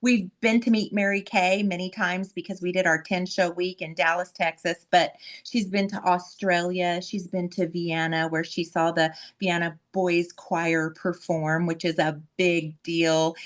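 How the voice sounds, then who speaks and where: A woman's voice: on the low side, level tone, a little slow, hardly any pauses. A woman host giving an effusive, heartfelt introduction of a guest, often repeating words as she gets emotional.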